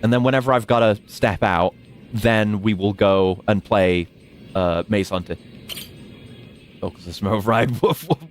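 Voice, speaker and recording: A young man casually commenting on a game as he streams, jokey and prone to swearing. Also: fairly low pitch. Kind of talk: casual game commentary, reading dialogue aloud.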